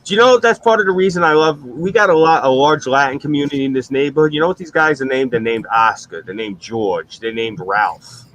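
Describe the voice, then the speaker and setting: A middle-aged man, hosting a stream with crude, animated storytelling. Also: mid-range voice, slight background noise, low-quality recording. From New York. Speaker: stream host. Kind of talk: casual profane chat.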